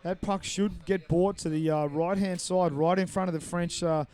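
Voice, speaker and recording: Male play-by-play commentator, warm and smooth, slightly high voice, brisk explanatory calls. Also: steady tone. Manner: brisk, explanatory, apologetic over names. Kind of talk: live sports commentary.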